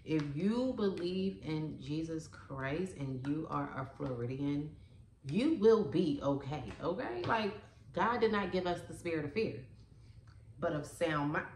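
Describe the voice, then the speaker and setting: A woman's voice: sits low, lively intonation, a little slow, reverberant, background noise. A woman vlogger, a mother in her thirties, chatting earnestly and emotionally to her viewers, saying "y'all" often. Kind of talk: casual vlog chat.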